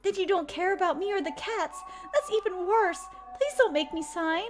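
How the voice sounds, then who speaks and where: A woman voicing a gentle female cat cafe owner in a game, talking in a soft-hearted, anxious, pleading way. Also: very high voice, normal speed, over music, pitched above the performer's own voice. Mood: hurt.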